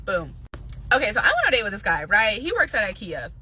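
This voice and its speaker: A woman telling a dating story to camera in a sassy, animated, self-mocking way. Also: medium pitch, fast talker, slightly rough.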